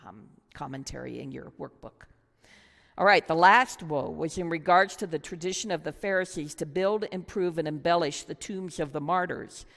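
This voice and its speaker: A woman's voice: low-pitched, gravelly. Woman teaching a Bible lesson in a hall. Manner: earnest, reflective, asks the listeners questions. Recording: long hall reverb.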